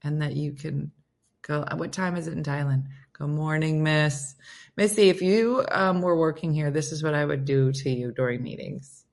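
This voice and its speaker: A woman's voice: sits low, steady tone, normal speed, gravelly, a little mellow. A woman hosting a casual morning livestream, chatting playfully with viewers and her dog. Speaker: livestream host. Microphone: phone.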